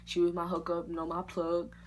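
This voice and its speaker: Young woman, storytime vlog, slangy, animated, lowish voice. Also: brisk, slight background noise. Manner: animated, slangy, jumps into high-pitched quoted reactions. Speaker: vlogger.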